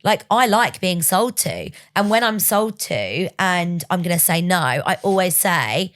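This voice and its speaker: A woman's voice: fairly low pitch, lively intonation, measured pace, fairly bright tone. A woman chatting frankly as a podcast guest and business mentor, with casual swearing. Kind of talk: casual chat.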